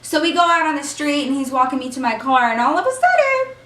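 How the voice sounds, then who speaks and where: Very animated and quick, this vlogger's high, fairly bright voice carries a chatty story peppered with "y'all" and acted-out quotes from others. The mic sits at a distance in a room full of echo.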